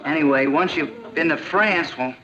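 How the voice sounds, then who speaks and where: An actor playing an earnest, sulky teenage boyfriend in a 1960s sitcom. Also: male voice, on the high side, normal speed, fairly bright tone, close to an everyday voice. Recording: dull old TV audio with music.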